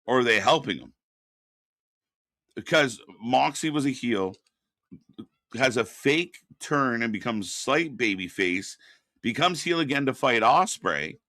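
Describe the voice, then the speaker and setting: A man hosting a live wrestling watch-party stream, ranting with exasperation and profanity, then answering chat messages more calmly. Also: mid-range voice, measured pace, long pauses, no echo, clean studio sound. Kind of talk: live reaction commentary, reading chat.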